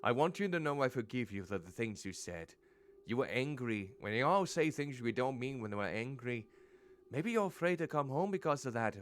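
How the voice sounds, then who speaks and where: A man voicing a tender Irish mother, with a put-on Irish accent, slowly reading her letter to her estranged child in a game. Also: mid-range voice, expressive, lightly acted.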